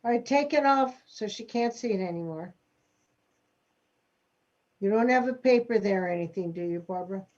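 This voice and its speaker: A woman's voice: medium pitch, normal speed, pauses often, darkish tone. A woman acting teacher coaching an online class over a video call, giving directions and teasing students. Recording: muffled video call audio.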